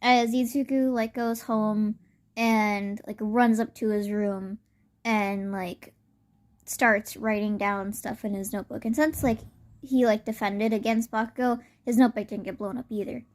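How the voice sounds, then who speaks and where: A woman's voice: a little high, little pitch movement, measured pace, darkish tone. Rambling young woman telling a story. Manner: rambling with many fillers. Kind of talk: casual spoken fan story.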